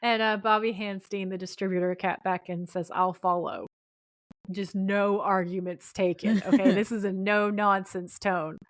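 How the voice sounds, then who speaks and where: A woman co-hosting a podcast, chatting casually as she recaps a TV episode and acts out the characters' lines with lively voices. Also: mid-range voice, normal speed, hardly any pauses, dry recording, clean studio sound. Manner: animated, acts out quoted lines. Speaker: podcast co-host.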